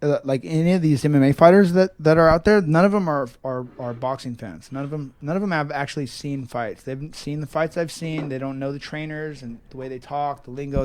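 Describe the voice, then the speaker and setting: In a documentary interview, a man in his thirties from Northern California, a professional fighter, speaks in a fairly high voice. He rambles and curses, restarting sentences and looping back over his own words as he thinks things through.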